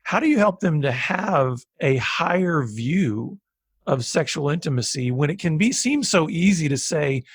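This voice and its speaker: A man's voice: on the high side, expressive, unhurried, slightly rough, dry recording, clean studio sound. A man hosting a podcast interview, asking long, winding questions. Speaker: podcast host.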